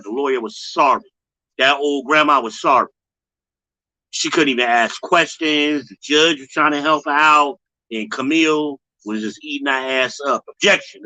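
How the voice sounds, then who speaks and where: A man hosting a casual commentary livestream, blunt and slangy, talking straight to his viewers and mocking others in high put-on voices. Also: pushed and bright, no room sound, rough recording. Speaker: host.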